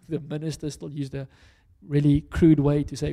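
High-voiced South African preacher in a hall. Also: male voice, moderate pace, few pauses. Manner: storytelling, self-deprecating and animated. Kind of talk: conversational sermon. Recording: reverberant hall.

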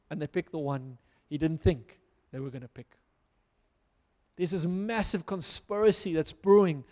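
High-voiced pastor preaching in a hall. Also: male voice, a little mellow. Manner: earnest, reads scripture then applies it to listeners. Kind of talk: sermon.

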